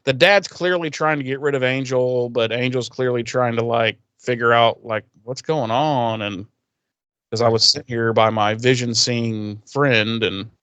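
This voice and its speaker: A podcast co-host speaks at a medium pitch with a steady, fairly bright, clean tone, though the recording is muffled and has no echo. He casually retells a TV episode, rambling and profane, briefly acting out characters in quick voices.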